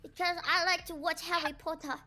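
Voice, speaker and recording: Squeaky bright girl streamer, giggly, halting english, faint game music behind. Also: flat delivery. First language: Indonesian. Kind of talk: casual gaming chat.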